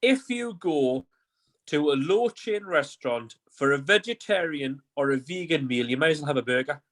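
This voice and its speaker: A man's voice: fairly high pitch, animated, normal speed, a bit bright. A man, a podcast guest, telling rambling, sweary stories in casual chat.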